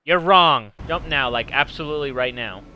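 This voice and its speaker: Bright-voiced man coaching his partner in-game. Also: a little high, normal speed, lo-fi sound, slight background noise. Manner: bossy, excitable coaching, swears. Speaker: gaming channel host. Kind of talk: casual gameplay commentary.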